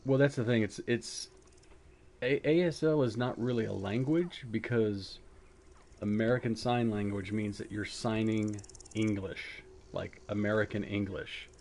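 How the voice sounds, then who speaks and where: A man's voice: fairly low pitch, measured pace, slight background noise. A man chatting casually while streaming a game, rambling and thinking aloud as he plays. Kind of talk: casual gameplay chat. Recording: game music loud behind voice. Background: game music.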